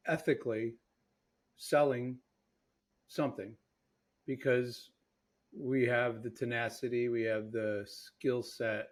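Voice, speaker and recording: A man hosting a podcast and coaching salespeople, speaking emphatically in casual conversation. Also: medium pitch.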